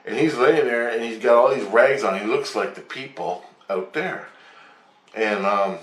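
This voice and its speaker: A man telling a rambling story of a vision, excitable, swearing and acting out voices. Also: mid-range voice, unhurried. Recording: roomy, distant from mic.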